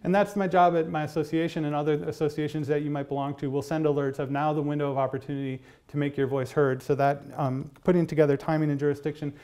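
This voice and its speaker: A man with a slightly high, mellow voice that barely moves in pitch gives a university lecture on policy advocacy in a lecture hall. He speaks fast with few pauses, keeps it conversational, and fills it with frequent fillers and restarts.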